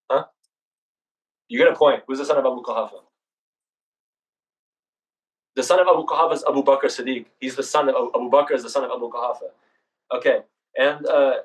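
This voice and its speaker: Young man, fast casual talk, lots of restarts, a bit off-mic in a room. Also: mid-range voice, distant mic, rough recording. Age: young adult. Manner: rushed, casual, with many restarts and fillers. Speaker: student discussion leader. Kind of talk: informal religious history talk.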